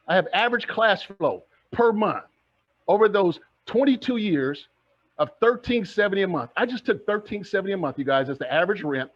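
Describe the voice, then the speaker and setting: A middle-aged man teaching to camera as a coach, energetic and rallying, firing questions at his audience. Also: high voice. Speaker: real estate coach. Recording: dull lo-fi recording.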